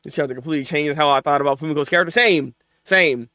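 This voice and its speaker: A man hosting a live manga reaction, talking in casual slang, often laughing and swinging between mumbled asides and loud excited outbursts. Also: on the high side, fast, no echo, studio quality.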